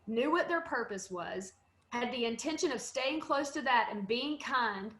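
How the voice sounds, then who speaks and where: A woman's voice: a little high, measured pace, roomy sound. A woman on a panel video call, chatting casually and acting out what people said to her. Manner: animated storytelling, acts out quotes. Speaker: panel guest.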